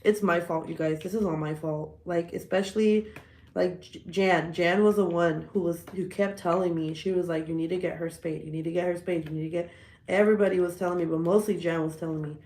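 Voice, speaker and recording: A woman chats casually on a livestream, telling stories in a profane, animated way. Her voice is lowish with a gravelly edge. The sound is echoey, as if she is in a bare room. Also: brisk. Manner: profane, animated storytelling, laughs often. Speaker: livestream host.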